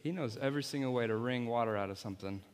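A man's voice: mid-range voice, rapid-fire, clear, resonant tone. A man, apparently a youth pastor, giving an object-lesson sermon and playfully coaching volunteers on stage. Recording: long hall reverb.

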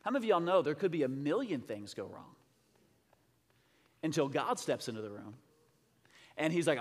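A man preaching a sermon, telling a story in an excitable, rambling way with many restarts. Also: fairly high pitch, normal speed, pauses often. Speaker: pastor. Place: church sanctuary. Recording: long church hall reverb.

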